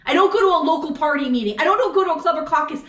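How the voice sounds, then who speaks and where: A woman co-host vents in an angry, profane political rant, firing off question after question. Her voice sits very high. The room around her rings with echo. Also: animated, racing. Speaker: podcast co-host. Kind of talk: heated political chat. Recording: echoey room.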